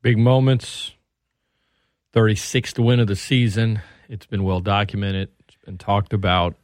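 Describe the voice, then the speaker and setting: A man's voice: on the low side, flat delivery, a little slow, no room sound, studio quality. A man co-hosting a sports radio show, speaking in a conversational, easygoing way. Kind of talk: casual sports talk.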